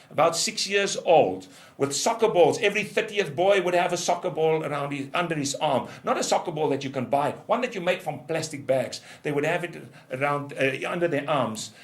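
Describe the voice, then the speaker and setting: Preaching his testimony, an older ministry leader tells his story with great intensity, his voice rising to loud bursts and dropping to quiet murmurs.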